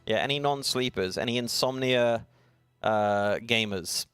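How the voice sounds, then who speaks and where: A man's voice: mid-range voice, measured pace, a bit bright, smooth, no echo, studio quality, soft background music. A young adult man with an Australian accent, co-hosting a live stream in playful, chatty banter. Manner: playful, chatty, laughs often. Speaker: stream co-host. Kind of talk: casual live-stream chat.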